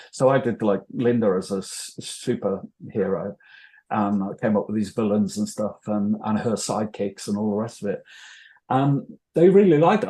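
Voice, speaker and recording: An older man with a North Welsh accent talks in a loose, anecdotal way, poking fun at himself as he goes. His voice sits at an ordinary pitch and sounds warm and mellow. He speaks as a guest in a casual interview. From North Wales. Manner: rambling, anecdotal, self-deprecating.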